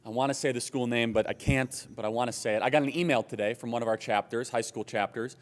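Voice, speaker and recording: A man's voice: mid-range voice, fast talker. Young man speaking in a reverberant hall. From Chicago, USA. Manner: animated, joking, emphatic. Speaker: conference speaker. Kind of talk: political conference speech. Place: large hotel conference hall.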